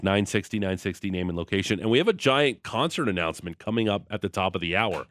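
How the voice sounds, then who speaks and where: A man's voice: on the low side, expressive, fast talker, few pauses, fairly bright tone, dry recording, studio quality. A male radio host bantering playfully and joking with his co-host and guest. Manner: playful, joking, goofy impressions.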